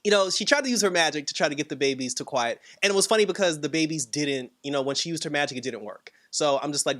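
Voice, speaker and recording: A man's voice: lively intonation, fast, fairly bright tone. A man casually reviewing a TV episode, laughing often and acting out characters' lines. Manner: laughing, filler-heavy, acts out quotes in a high voice. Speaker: show reviewer.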